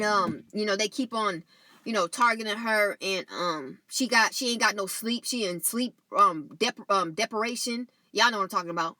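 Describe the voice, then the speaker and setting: A woman's voice: mid-range voice, pushed and bright, no echo. A woman talking casually and spiritually to her viewers, saying "you know" often and restarting her sentences. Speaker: channel host.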